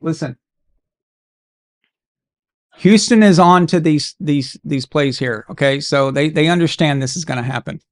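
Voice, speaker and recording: A man's voice: fairly high pitch, measured pace, long pauses. A man hosting a live game watch-along, reacting casually and telling stories to his viewers. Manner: casual, encouraging, chatty. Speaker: watch-along stream host.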